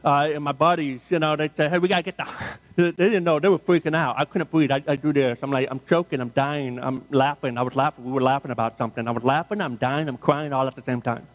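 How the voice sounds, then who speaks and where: A man's voice: on the high side, fairly even intonation, fast. A middle-aged man preaching a sermon, shifting into conversational, humorous storytelling and asking the congregation questions. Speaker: pastor.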